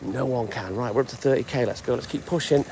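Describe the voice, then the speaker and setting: A man's voice: mid-range voice, fast talker, noisy background. A man chatting casually and bantering with viewers on a live stream from his delivery van, swearing now and then. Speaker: milkman streamer. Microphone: phone live stream. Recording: music playing clearly behind.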